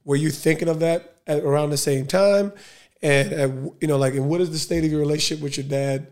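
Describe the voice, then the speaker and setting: A man's voice: fairly high pitch, fairly even intonation, brisk, darkish tone. A man hosting a podcast interview, asking questions in a loose, conversational way full of fillers and restarts. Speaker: podcast host. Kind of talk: casual interview.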